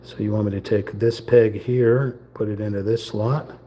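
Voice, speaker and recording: A man's voice: on the low side, steady tone, moderate pace, warm tone, slight background noise. A man streaming live, joking and muttering to himself as he assembles a model. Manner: jokey, muttering to himself while building. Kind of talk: casual live-stream commentary.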